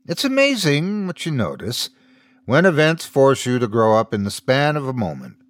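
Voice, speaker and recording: A man's voice: mid-range voice, moderate pace, no room sound. A man narrating a scripted horror story as host, in a dry, close recording. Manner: storytelling, expressive.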